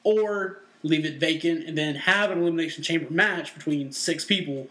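A young man co-hosting a loose, chatty show, his voice sitting a little higher than most. He talks in opinionated rambles and keeps dropping "you know" as he works his way through a point. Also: normal speed, pushed and bright. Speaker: co-host. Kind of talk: casual chat.

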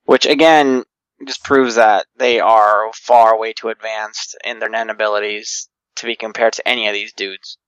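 A man's voice: on the low side, steady tone, normal speed, fairly bright tone, smooth, no echo. A man co-hosting a podcast, chatting easily and laughing often as he recaps. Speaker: podcast co-host. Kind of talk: casual recap chat. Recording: dull lo-fi mic.

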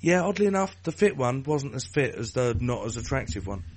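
A man's voice: medium pitch, very animated, a little fast, darkish tone, a little hiss or hum. A man, co-hosting a casual podcast chat with wry, bawdy asides. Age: 30s.

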